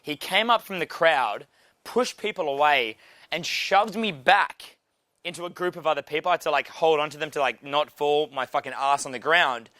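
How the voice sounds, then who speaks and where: Brash Australian man with a bright voice. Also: fairly high pitch, moderate pace, dry recording, studio quality. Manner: brash, swearing, animated storytelling. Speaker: dating coach. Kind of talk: casual instructional talk.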